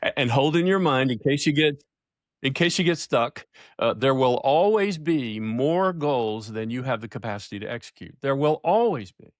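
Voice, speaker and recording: An older man, a leadership coach, telling stories in a podcast interview, emphatic and slowing down to stress points. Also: medium pitch, lively intonation, no echo, studio quality. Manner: emphatic storyteller, slows for emphasis, laughs often.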